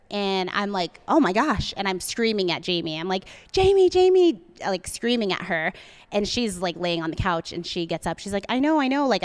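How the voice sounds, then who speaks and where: A woman's voice: lowish voice, a bit bright, clean tone. A young adult woman, a guest on a podcast, telling a candid personal story and acting out the quotes with many fillers. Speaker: podcast guest, coffee shop founder.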